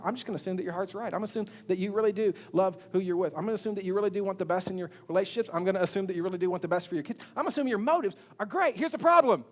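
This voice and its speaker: A male pastor delivering a sermon with a notably high voice, speaking in a loose, conversational way that doubles back on words and slips into acted-out quotes. His voice rings with a long reverb from a large church hall. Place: church sanctuary.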